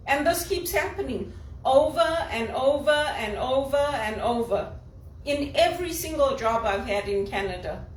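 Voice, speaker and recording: A woman's voice: on the high side, echoey room, distant mic, a little hiss or hum, poor audio. A woman from Zimbabwe with a polished, elocution-trained Zimbabwean English accent, speaking in an impassioned, indignant monologue full of rhetorical questions. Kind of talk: personal monologue vlog.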